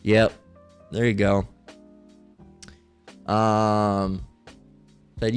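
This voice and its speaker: A man's voice: fairly low pitch, clear, resonant tone. Profane, mocking man with faint music. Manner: preachy, drawn-out emphasis. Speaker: religious channel host. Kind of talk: reading and rebutting viewer comments.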